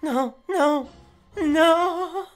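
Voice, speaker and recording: A woman voicing a terrified young woman in a video game, screaming and pleading in a high, shrill voice. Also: steady tone, unhurried, faint music behind, lightly acted. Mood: frantic screaming. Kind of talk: video game voice-over reading.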